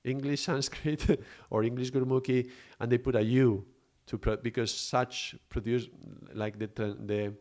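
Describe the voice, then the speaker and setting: A man's voice: mid-range voice, fairly even intonation, measured pace, darkish tone. A man giving a live spiritual teaching, explaining patiently, often searching for words and checking in with his listeners. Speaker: Kundalini yoga teacher.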